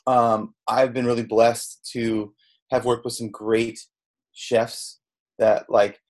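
Slow and with little pitch movement, a middle-aged chef from Southern California uses his mid-range voice to tell his story as a podcast guest. The casual interview finds him candid and rambling, restarting lines and quoting dialogue, on a podcast microphone.

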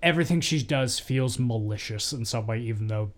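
A man's voice: medium pitch, fairly quick. A man talks through his take on a film's characters in an easy, conversational way. He hedges his opinions and swears casually as he goes. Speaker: podcast co-host discussing a film. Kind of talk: casual chat.

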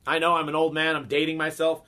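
Here a man in his thirties, voice a little high and pace quick, chats through profane anecdotes on his podcast. Animated throughout, he acts out the quoted speakers.

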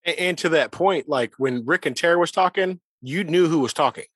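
A man's voice: fairly high pitch, brisk, fairly bright tone, slightly rough, dry recording, studio quality. A man who plays tabletop games, joking and bantering in a casual podcast chat. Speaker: player.

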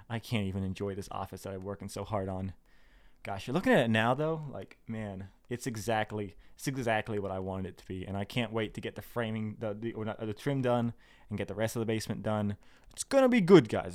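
A man's voice: mid-range voice, darkish tone. Rambling, laughing man in a home office. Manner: rambling, laughing, many fillers and restarts. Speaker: video creator. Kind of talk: casual vlog chat.

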